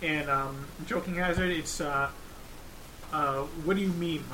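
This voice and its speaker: A man with a high, bright voice fumbles through a description of a party card game, restarting often and joking along. A faint hiss runs under the recording. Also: fairly even intonation, a little slow, poor audio. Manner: hesitant, jokey, many restarts. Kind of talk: casual chat about board games.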